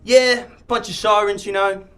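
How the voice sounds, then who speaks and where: A man's voice: high-pitched, fairly even intonation, moderate pace, fairly bright tone, clear, resonant tone. A man playing a crude, swaggering fake child therapist on trial, in improv comedy role-play. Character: brash Australian-ish bloke, fake child therapist defendant. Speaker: improv performer playing a defendant.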